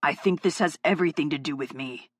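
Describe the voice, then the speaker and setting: A woman voicing a gruff, hot-tempered male FBI agent in an audiobook, curt and swearing. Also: sits low, quick pace, no echo, clean studio sound, voice pushed down. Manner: curt, swearing, mutters darkly. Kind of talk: audiobook character voice.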